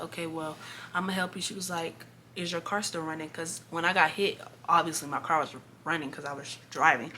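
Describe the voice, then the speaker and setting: An eighteen-year-old woman telling a story to camera in a casual, animated vlog, full of slang and emphasis. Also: low voice, slight background noise. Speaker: vlogger.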